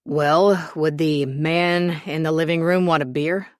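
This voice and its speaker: An easygoing, fatherly older man , as a woman narrator puts him on, talks in a relaxed, folksy way. The voice is low and recorded close and dry. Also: unhurried, no echo.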